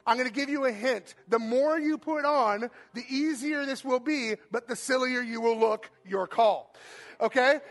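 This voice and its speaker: A man hosting a game on stage for a church audience, then speaking to them. He is energetic and playful, shouting cheers and countdowns and tossing in jokes. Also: extremely high pitch, moderate pace. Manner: playful, joking asides. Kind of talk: live stage talk to an audience.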